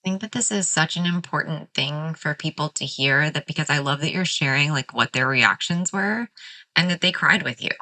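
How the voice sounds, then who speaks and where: Podcast host, woman, low pitch, bright tone, gentle and affirming. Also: normal speed. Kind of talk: interview conversation.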